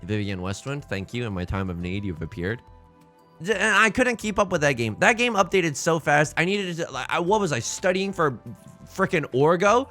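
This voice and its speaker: A man's voice: a little high, animated, normal speed, pushed and bright, soft background music. A man giving casual, self-deprecating commentary while playing a tile game, often restarting his sentences and playing up his despair. He says he is tired from little sleep. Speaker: let's play host.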